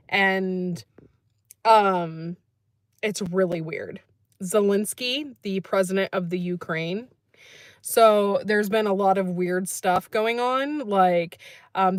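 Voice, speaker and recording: A woman's voice: on the low side, no room sound, studio quality. A woman hosting a casual livestream, chatting, laughing often and reading out comments from the chat. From United States. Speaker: livestream host.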